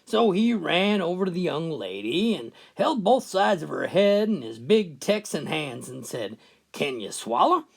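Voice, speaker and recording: Folksy gravelly joke teller, man. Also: on the high side, very animated, measured pace, few pauses. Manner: folksy, starting with "well". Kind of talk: storytelling jokes.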